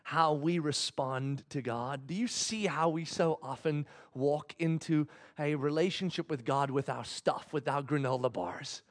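A man voicing God in a sermon story, speaking softly, low and unhurried. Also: close to an everyday voice. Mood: gentle. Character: calm patient male God, speaking gently.

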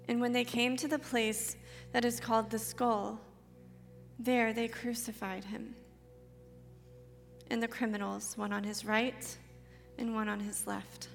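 Woman scripture reader, slow and steady, gravelly edge, soft music in a reverberant hall. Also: fairly high pitch. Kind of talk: solemn Bible reading.

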